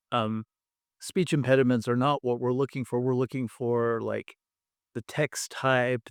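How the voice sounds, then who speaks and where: A man's voice: medium pitch, smooth, no room sound, studio quality. A man speaking as an expert guest in an interview, explaining ideas step by step with examples. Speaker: guest expert on language testing.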